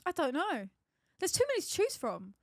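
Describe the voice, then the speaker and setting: A woman co-hosting a podcast in casual chat, excitable and giggly, talking quickly. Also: sits high, no room sound, clean studio sound. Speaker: podcast co-host.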